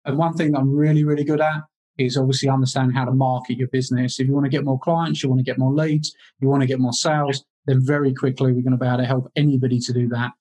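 A man's voice: mid-range voice, flat delivery, fast talker, a little mellow. A man, a business coach, giving an interview in a confident, motivational way, repeating words for emphasis. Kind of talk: casual interview.

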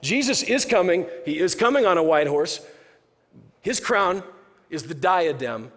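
A man with a fairly high voice preaches a sermon in a casual, joking manner and often restarts his sentences. The recording carries a long reverberant tail, as in a large hall. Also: expressive, unhurried, a bit bright. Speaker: pastor.

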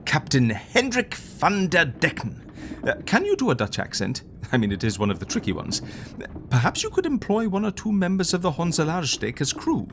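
A pompous, genteel gentleman. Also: a little high, huge pitch swings, normal speed, slight background noise, exaggerated voice. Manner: pompous, genteel, murmurs while eating. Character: fussy, refined gentleman plotting with pirates. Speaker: interviewer.

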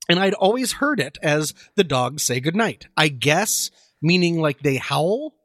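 A man's voice: a little high, sing-song, a little slow, dry recording. Giggly man telling stories on a podcast. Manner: laughs often, self-deprecating storytelling. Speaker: podcast co-host. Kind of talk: casual podcast chat.

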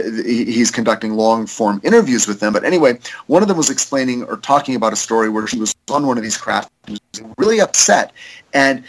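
Rambling, animated man in a podcast chat. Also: mid-range voice, poor audio. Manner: rambling, animated storyteller, many fillers.

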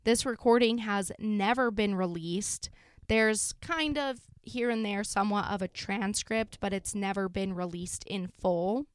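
Clear-voiced woman telling true crime. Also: mid-range voice, measured pace, no room sound. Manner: casual, sombre retelling with frequent fillers. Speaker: podcast host.

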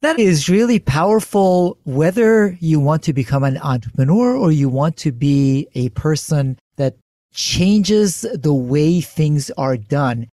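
Warm-voiced man hosting a podcast. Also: fairly high pitch, expressive, slow pace, dry recording, clean studio sound. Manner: enthusiastic, complimentary. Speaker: podcast host. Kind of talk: podcast interview.

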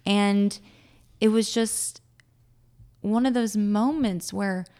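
A woman in her thirties, a podcast guest, telling a personal story with animated voices for her past self and frequent laughter. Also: medium pitch, slow. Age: 30s. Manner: animated, acts out her own past words, laughs often. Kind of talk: emotional personal storytelling in an interview.

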